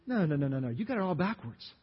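High, husky preaching man from Louisiana. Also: quick pace. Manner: animated, asks the congregation questions. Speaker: pastor. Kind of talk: sermon. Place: church sanctuary. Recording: dull audio, long hall reverb.

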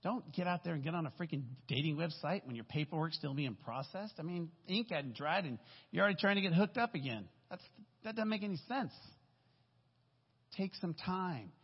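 A male guest preacher in his fifties delivers a conversational sermon in a church sanctuary, casual and folksy with storytelling and asides. His slightly high, husky voice is expressive and fairly quick. The echoey hall gives the recording a dull, lo-fi sound.

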